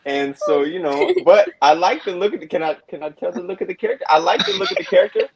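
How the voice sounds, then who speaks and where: A man's voice: high-pitched, big pitch swings, fast talker, crowd noise, rough recording. A man who is a guest on a casual podcast chat, offhand and teasing.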